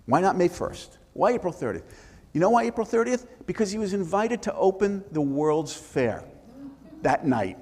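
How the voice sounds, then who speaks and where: An older man, an author, telling lively anecdotes with restarts in a live interview before an audience. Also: high-pitched, normal speed. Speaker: author and former congressman. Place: synagogue hall before an audience. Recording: long reverb of a hall.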